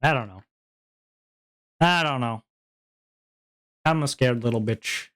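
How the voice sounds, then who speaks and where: Slow, rambling young streamer guy. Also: medium pitch, a bit bright. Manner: rambling, self-deprecating, lots of fillers. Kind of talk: casual stream chat.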